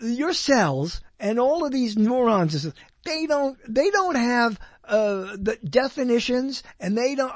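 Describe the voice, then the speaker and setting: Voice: mid-range voice, no room sound. A solo host talking into a microphone in a digressive, jokey monologue, reading out quotes and wandering off topic. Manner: digressive, jokey, talks to self, hums and laughs. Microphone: close microphone.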